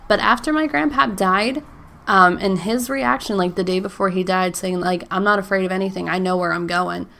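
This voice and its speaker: A woman in her thirties hosts a faith podcast on her own, her mid-range voice a little bright over slight background noise. She chats casually, filling her talk with "like" and "um" and small laughs between thoughts. Emotional throughout, she sometimes comes close to tears.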